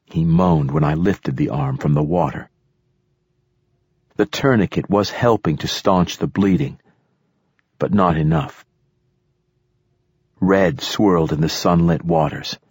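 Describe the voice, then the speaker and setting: A man narrating a first-person audiobook in a steady, tense storytelling manner. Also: deep voice, breathy edge, no room sound, clean studio sound.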